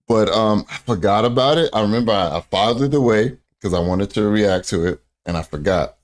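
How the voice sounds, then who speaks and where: A man's voice: lowish voice, animated, a little fast. A man hosting a reaction commentary, mocking and profane, rambling as he talks. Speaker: commentary host.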